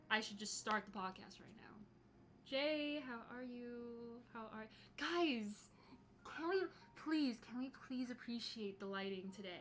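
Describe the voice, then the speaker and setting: A young woman in her twenties hosts a casual livestream from home, chatting and swearing freely as she greets chatters by name. Her voice is on the high side with a sharp tone, and there's a little hiss or hum. She's a podcast host streaming live to chat.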